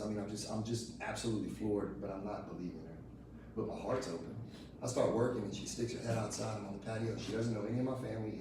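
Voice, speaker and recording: Man, lowish voice, heartfelt testimony to a room, heavy echo, mic far off. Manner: emotional, conversational storytelling with many restarts. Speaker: speaker giving a testimony. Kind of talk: personal testimony to a group. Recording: echoey room from far off with ambient noise.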